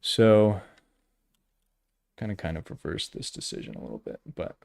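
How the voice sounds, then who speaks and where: Halting low-voiced man in his thirties. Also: sing-song, creaky, darkish tone, no echo, clean studio sound. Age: 30s. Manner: halting, self-questioning, trailing off often; wry self-deprecating humor. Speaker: artist streaming live. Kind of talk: casual think-aloud commentary while drawing.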